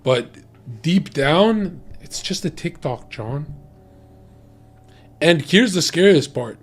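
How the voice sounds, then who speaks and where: A man's voice: on the high side, animated, takes it slowly, breathy edge, soft background music. A man talking bluntly and profanely in a heated, ranting casual chat about dating. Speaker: podcast guest giving dating opinions.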